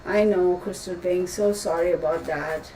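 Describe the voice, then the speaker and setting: A woman's voice: on the low side, steady tone, moderate pace, dark tone, soft background music. Chatty woman, roomy far-off sound. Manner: chatty and rambling, with frequent exclamations. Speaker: tarot reader hosting a live stream. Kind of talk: casual live-stream chat. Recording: roomy, distant mic, faint background noise.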